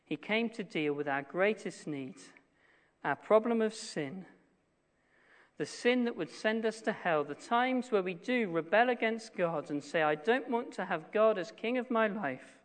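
A man preaching a sermon, earnest, slowing down and dropping his voice to stress key phrases. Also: sits high, animated. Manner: earnest, slows and drops to a hush on key phrases. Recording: long reverb of a hall.

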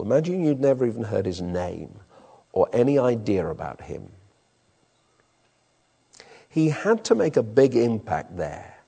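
A British man preaching a sermon with an animated, emphatic delivery in a church hall. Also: mid-range voice, gravelly, husky. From Britain. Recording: long reverb in a hall.

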